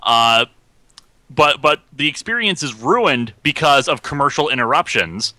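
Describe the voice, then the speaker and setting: A man's voice: medium pitch, animated, a little slow, bright, forceful tone, dry recording. A man talking as a guest in casual chat, earnest and analytical. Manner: earnest, analytical film talk.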